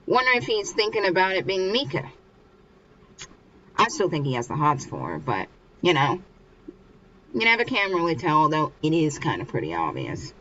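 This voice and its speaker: A woman's voice: low voice, huge pitch swings, moderate pace, long pauses, fairly bright tone, lo-fi sound. Young woman rambling through a story recap. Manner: rambling, acts out characters. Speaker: manga reader. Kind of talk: casual chapter recap.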